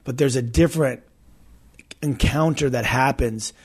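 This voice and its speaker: A man's voice: medium pitch, measured pace, breathy edge. A middle-aged man, hosting a casual faith chat, talking emphatically with surfer slang. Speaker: podcast host.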